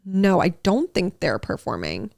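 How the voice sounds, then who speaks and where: A woman in her twenties co-hosting a podcast, ranting with animated exasperation and casual swearing. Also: on the low side, a little slow, vocal fry, no echo, studio quality. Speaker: podcast co-host. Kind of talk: casual chat.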